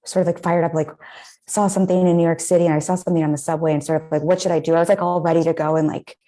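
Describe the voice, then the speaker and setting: A woman's voice: sits low, flat delivery, very fast, dark tone. A woman hosting an interview, talking in an effusive, searching way with many "like" fillers. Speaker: podcast host. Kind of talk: casual interview chat.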